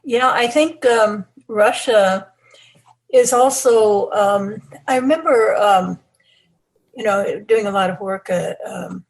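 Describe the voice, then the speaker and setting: An older female author speaks as a guest in a husky, gravelly voice. She reflects slowly and pauses often with "um" as she recalls things, in a mid-pitched tone. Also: poor audio. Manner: reflective, hesitant with many "um"s. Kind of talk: interview conversation.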